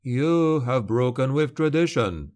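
Man voicing a cunning servant, quiet tone, cautious, measured, storybook reading. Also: medium pitch, animated, lightly acted. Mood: cautioning. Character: cunning middle-aged male steward, calm and warning.

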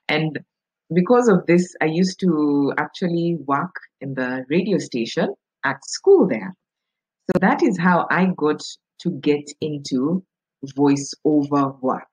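Husky Kenyan woman presenting a webinar. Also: sits low, rough recording. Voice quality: warm, authoritative, confident. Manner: friendly, explanatory, addresses the audience directly. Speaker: voice-over coach presenting a webinar.

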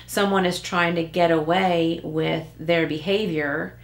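A woman's voice: on the low side, fairly even intonation, a little slow. A woman giving a casual tarot reading, chatty, with many likes and rhetorical rights, now and then acting out short quoted lines. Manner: acts out little quoted lines. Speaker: tarot card reader.

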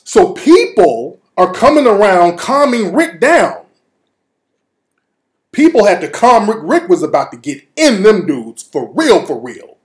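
Animated, high-voiced male storyteller. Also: slow pace. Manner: animated, profane, laughing. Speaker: host. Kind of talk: comedic storytelling. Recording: roomy echo.

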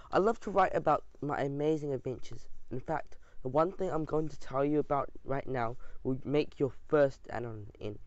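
A man narrating a children's audiobook in an expressive, lively storytelling manner, with the odd small slip. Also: on the high side, no echo. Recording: dull dry lo-fi sound.

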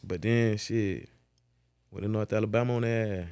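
A man's voice: normal speed, smooth, no echo. Profane storyteller man. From Florida. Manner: profane, animated storytelling, repeats "boom" as a beat. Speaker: guest, former football player. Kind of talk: casual storytelling interview.

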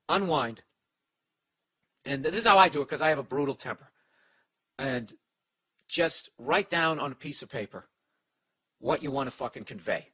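A man's voice: a little high, a bit bright. Profane, rambling male comedian ranting. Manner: restarts and mock voices for people in stories. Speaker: comedian podcast host. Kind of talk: ranting advice podcast.

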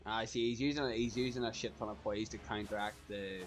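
A man giving excitable live gameplay commentary, laughing often and swearing casually. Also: lowish voice, fast. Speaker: gaming YouTuber.

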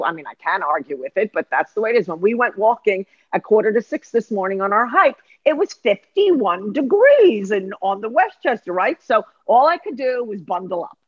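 A middle-aged woman, an executive life coach, explaining ideas in an emphatic, lively way on a podcast. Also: mid-range voice, no room sound, dull audio. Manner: emphatic, lively, acts out voices. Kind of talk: animated teaching in conversation.

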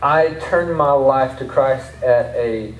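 Speaking slowly at medium pitch, a Southern-accented man delivers a conversational sermon as pastor, breaking into laughing asides. The service takes place in a rented martial arts academy space. The sound is phone-quality, with roomy hall audio captured from afar.

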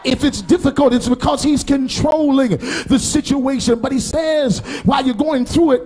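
A middle-aged pastor preaching a sermon, building to shouts and chanted, half-sung phrases. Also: male voice, very high voice, moderate pace, few pauses, a little hiss or hum. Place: church sanctuary before a congregation.

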